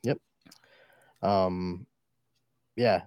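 A man's voice: low voice, steady tone, very slow, no room sound, dull audio. A man co-hosting a podcast in casual chat, rambling and swearing as he riffs on films. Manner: rambling, profane, riffs with mock voices. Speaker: podcast co-host.

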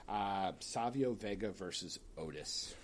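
Man, lowish voice, casual solo commentary, opinionated asides, faint background ambience. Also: unhurried, a little hiss or hum. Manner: chatty, opinionated, trailing into asides and sighs. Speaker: wrestling fan picking bracket winners.

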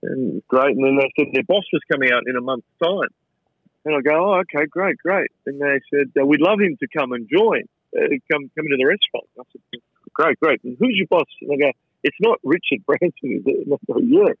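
A middle-aged man with an Australian accent tells his story in a loose, animated way, stumbling over repeated words as he goes. His voice comes through a narrow, phone-like line, a little husky and without any room sound. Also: on the high side, a little fast, no echo. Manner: rambling, animated anecdote with frequent restarts. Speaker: chef and entrepreneur guest. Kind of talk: casual storytelling interview. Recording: dry, phone-like radio sound.

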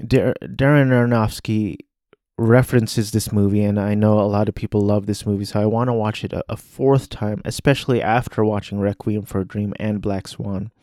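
Low, mellow-voiced man chatting casually. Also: no echo, clean studio sound. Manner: rambling with restarts, acts out quoted lines in a high voice. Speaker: podcast host. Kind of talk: casual film talk.

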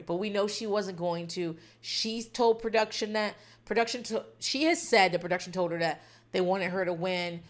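A woman hosting a podcast who recaps a reality dating show in a rambling, wry, profane casual chat. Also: mid-range voice.

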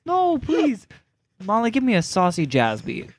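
A woman's voice: on the high side, wildly swooping pitch, measured pace, slight background noise. A woman co-hosting a comedy podcast in casual chat, teasing and prone to theatrical bursts. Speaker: podcast co-host.

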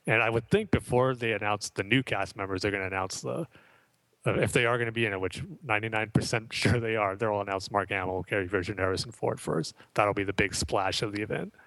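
A man's voice: lowish voice, quick pace, a bit bright, dry recording, rough recording. A man co-hosting a podcast in casual chat, eager and chuckling often. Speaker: podcast co-host.

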